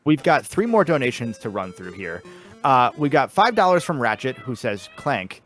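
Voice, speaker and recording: A man's voice: mid-range voice, sing-song, moderate pace, fairly bright tone, faint music behind. Man reading donations on a charity stream. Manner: reads donation messages aloud, stumbling and laughing. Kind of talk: casual chat.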